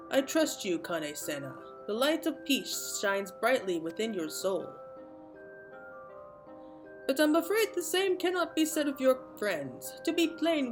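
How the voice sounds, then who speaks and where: A woman voicing a big, pompous male Moogle chieftain in a game, reading his lines in a stately, old-fashioned way. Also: medium pitch. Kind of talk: reading game dialogue aloud.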